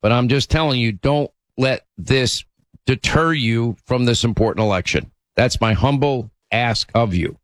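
A man's voice: medium pitch, unhurried, dry recording. A man hosting a call-in talk radio show, speaking emphatically and often restarting his sentences. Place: radio studio.

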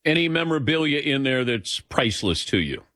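A man hosting a sports radio show, reading scores and chatting with a guest in a brisk, dry, joking way. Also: medium pitch, big pitch swings, pushed and bright, no echo.

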